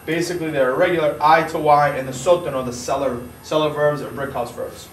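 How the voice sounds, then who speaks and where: Man teacher, higher voice, echoey room, distant mic, faint background ambience. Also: fairly even intonation, fairly quick, slight background noise. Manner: informal, explaining step by step with many restarts. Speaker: Spanish teacher. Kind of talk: classroom grammar lesson.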